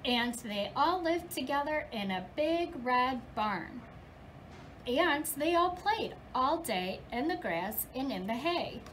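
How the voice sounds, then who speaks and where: High, lively preschool teacher reading aloud. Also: female voice, slow, a little hiss or hum, rough recording. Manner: expressive storybook reading with animal noises. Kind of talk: reading a picture book aloud to young children.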